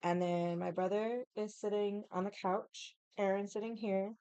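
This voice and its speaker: A young woman tells a long story at home with a drink in hand, wandering off topic and cursing freely. Her voice is smooth and clear. It is recorded close and dry. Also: medium pitch, steady tone, moderate pace, warm tone, dry recording. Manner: swears freely, drifts into tangents; drinking while chatting. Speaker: vlogger. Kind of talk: casual storytelling.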